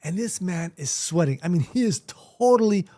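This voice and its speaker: A man in his sixties, hosting a vlog and telling stories in a punchy, animated way that turns loud and emphatic. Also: high-pitched, moderate pace. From Miami, Florida, US. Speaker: vlog host and martial arts teacher. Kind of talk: casual storytelling vlog.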